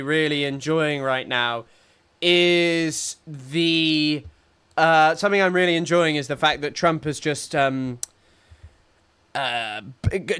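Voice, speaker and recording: A man's voice: on the high side, pushed and bright, smooth. Rambling young man streaming. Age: young adult. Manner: rambling, sarcastic, frequent restarts and fillers. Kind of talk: casual live-stream commentary.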